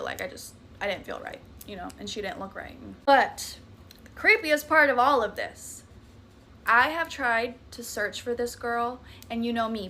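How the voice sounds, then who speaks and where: A woman's voice: medium pitch, sharp tone, a little hiss or hum. A young woman with a Southern US accent, dramatically telling a scary story in a chatty, profane, casual way. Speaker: TikTok creator.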